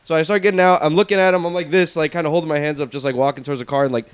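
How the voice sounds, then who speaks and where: A man's voice: on the high side, racing, clear, resonant tone. A man on a podcast telling a story in casual chat, swearing freely and acting out what others said. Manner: animated, profane, acts out quotes. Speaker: podcast host.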